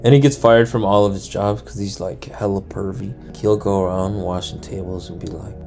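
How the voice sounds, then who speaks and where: A man's voice: low voice, fairly even intonation, normal speed, creaky, a little mellow, faint music behind. A young man casually retelling a true crime story, slangy and profane, acting out the people he quotes. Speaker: storyteller host.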